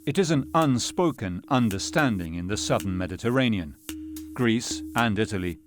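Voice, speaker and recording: Low-voiced male documentary narrator. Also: expressive. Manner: measured, sober delivery. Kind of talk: scripted narration.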